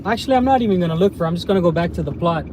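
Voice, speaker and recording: A man's voice: high voice, lively intonation, racing, background noise. A man from the United States chatting casually on a live stream while out in a small town, rambling and often ending phrases with "man".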